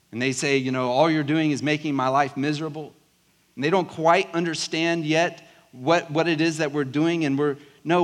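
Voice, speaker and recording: A man's voice: on the high side, a bit bright. A pastor from South Georgia with a Southern accent, preaching a conversational sermon to his congregation. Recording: long hall reverb.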